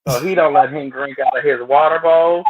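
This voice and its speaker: A man with a fairly high voice chats with blunt, anecdotal stories. He sounds thin and tinny, like he is on a phone line. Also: steady tone, fairly quick. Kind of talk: casual chat.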